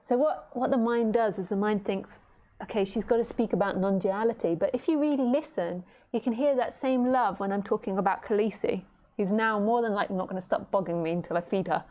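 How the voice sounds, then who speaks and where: A middle-aged woman teacher giving a casual online talk from home, chatty and warm with her listeners, laughing easily. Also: mid-range voice, a little fast. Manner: chatty, laughing, baby-talks to her pet. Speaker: spiritual teacher.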